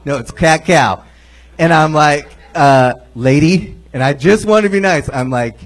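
A man's voice: a little high, moderate pace. A man doing stand-up for the first time on a comedy club stage, laughing and swearing as he acts out his own lines. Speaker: guest comic. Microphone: stage mic, multi-mic podcast audio.

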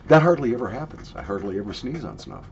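A man's voice: medium pitch, sing-song, fast talker, gravelly, a little mellow, muffled recording, slight background noise. A man in a casual product review, chatty and jokey, coughing and sniffing between his remarks. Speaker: snuff reviewer.

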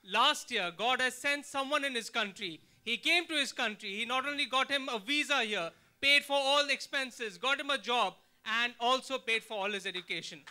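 A man reporting church testimonies to the pastor in a measured, deliberate way. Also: extremely high pitch, pushed and bright, smooth.

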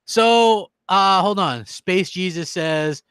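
A man's voice: sits high, takes it slowly, fairly bright tone, smooth, dry recording. A man hosting a gaming stream who rants heatedly and reads out viewer comments. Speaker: gaming channel host. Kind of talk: live-stream rant.

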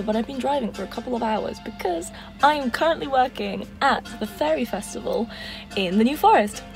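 A young woman chats brightly to a handheld camera at an outdoor festival, bubbly and upbeat. Her voice sits fairly high. Music plays clearly in the background. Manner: bubbly and chatty. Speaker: vlogger and children's entertainer. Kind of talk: casual vlog.

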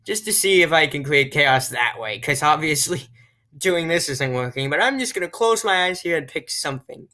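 A woman's voice: deep voice, expressive, moderate pace, sharp tone. A woman gaming YouTuber giving casual commentary as she plays, chatting and muttering to herself while she picks options.

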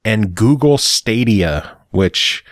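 Male host, low-ish easygoing voice, dry close sound, casual news rundown. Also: slow, no room sound. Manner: relaxed, reads news then chats bluntly. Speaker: podcast host. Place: home room with cats.

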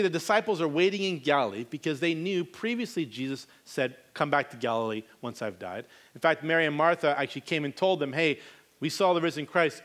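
A man's voice: fairly high pitch, fairly bright tone. A man preaching a sermon, reading scripture and then retelling it in casual, conversational modern speech.

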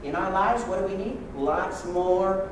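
A man preaching a sermon as pastor, joking and lively with sudden loud bursts. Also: sits high, a little slow, very echoey, recorded from a distance, slight background noise, poor audio.

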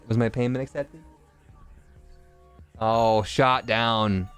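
A man streaming a video game live, making jokes, thanking viewers and reacting loudly to the game. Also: fairly low pitch, a little slow, long pauses, clean tone, soft background music. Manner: jokey, animated, chatting with viewers. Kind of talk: casual live game commentary.

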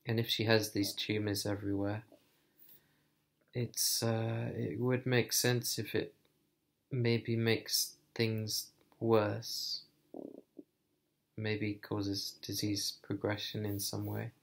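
A man talking to camera in a personal vlog, thoughtful and hesitant, thinking aloud with many pauses. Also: on the low side, completely flat delivery, gravelly. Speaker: vlogger.

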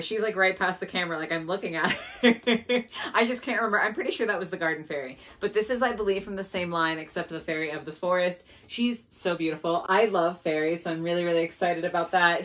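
A young woman chatting casually in a doll haul video, gushing and excitable, laughing often and saying "like" a lot. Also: lowish voice, a little fast. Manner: gushing, excitable, giggly, lots of "like". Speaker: doll collector vlogger.

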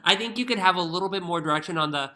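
A man's voice: high voice, racing, pushed and bright. A young man teaching violin in an online masterclass, encouraging and singing phrases on nonsense syllables over a video call.

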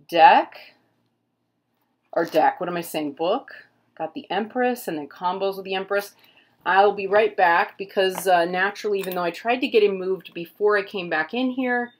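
A middle-aged woman chatting casually at home as she flips through a book, rambling with lots of fillers. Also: lowish voice. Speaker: tarot reader and vlogger. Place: home room with pets.

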